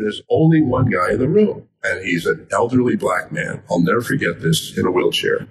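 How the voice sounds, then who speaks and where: Gravelly older man telling stories. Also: mid-range voice, a little fast, hardly any pauses, far from the mic. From Miami, Florida. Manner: animated, vivid storyteller. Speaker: guest, sports interviewer. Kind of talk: storytelling in a chat.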